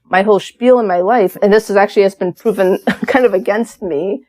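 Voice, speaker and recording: A woman's voice: medium pitch, fairly quick. Chatty woman telling her story. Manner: chatty, many fillers, animated and candid. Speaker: podcast guest. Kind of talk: casual conversational storytelling.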